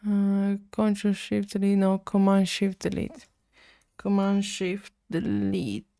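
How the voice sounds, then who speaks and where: A woman streamer talks slowly, half to herself, as she works at her computer. Her voice sits at a middle pitch and sounds close and dry, with no room echo. Now and then she turns to chat with her viewers. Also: vocal fry, dark tone. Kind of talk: casual live-stream chat while coding.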